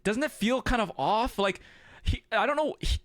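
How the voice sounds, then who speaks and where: A man's voice: extremely high pitch, animated, moderate pace, a bit bright, dry recording. A young man streaming, chatting casually and reacting to a show as he watches, swearing freely and exclaiming at the screen.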